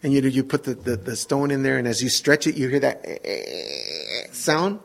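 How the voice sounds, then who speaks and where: A middle-aged man preaching a sermon, telling a story with lively acted-out moments and sudden shouts. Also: medium pitch, fairly quick, gravelly. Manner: animated, acts out scenes with sudden shouts. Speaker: pastor.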